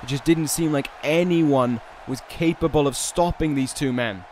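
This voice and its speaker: A man's voice: on the high side, moderate pace, a little hiss or hum. Man calling game wrestling, casual and rambling. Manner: casual, rambling asides with restarts, excited calls on big moves. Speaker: gaming video host. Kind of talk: play-by-play commentary over a wrestling video game.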